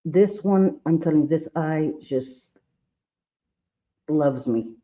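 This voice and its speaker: Brief: man, makeup livestream host, chatty and playful, fairly high, mellow, muffled lo-fi audio. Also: slow pace. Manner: chatty, playful, scolds his own eye and brush aloud. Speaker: makeup vlogger. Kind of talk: casual makeup tutorial livestream.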